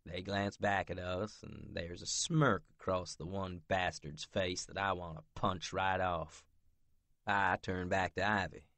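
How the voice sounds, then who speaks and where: A man's voice: low-pitched, fairly even intonation, a little slow, a bit bright, dry recording. A man narrating a romance audiobook in first person, blunt and brooding, with profanity.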